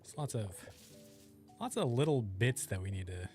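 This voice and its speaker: A man's voice: fairly low pitch, sing-song, moderate pace, a little mellow, soft background music. A young man streaming a game, rambling casually and chatting with his viewers as he plays. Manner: rambling, chats with viewers while playing.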